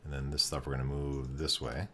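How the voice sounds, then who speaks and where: A man thinking aloud in casual commentary as he builds in a game. He talks in a relaxed, halting way, full of fillers and restarts. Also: rumbling low, slight background noise. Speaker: game streamer.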